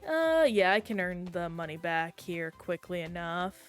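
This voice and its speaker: A woman streamer in casual, chatty conversation while playing a game, reacting aloud in an animated way. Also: lowish voice, a little slow, smooth, soft background music. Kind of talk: casual gameplay chat.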